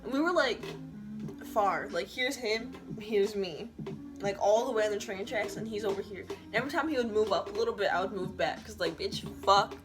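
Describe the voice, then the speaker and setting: A woman's voice: medium pitch, moderate pace, over music. A woman vlogger telling a story in a casual, slangy way, swearing freely.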